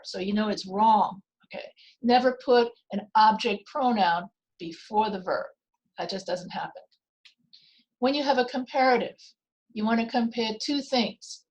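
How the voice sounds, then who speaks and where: Slow-paced woman teaching grammar. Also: a little high, poor audio. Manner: slow, deliberate explaining with repeated examples. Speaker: writing teacher. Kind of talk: grammar lesson.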